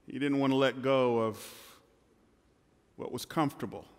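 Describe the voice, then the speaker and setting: A male pastor preaching a sermon from a church stage, emphatic and colloquial, swinging from loud to hushed. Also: mid-range voice, normal speed. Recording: long hall reverb, faint music.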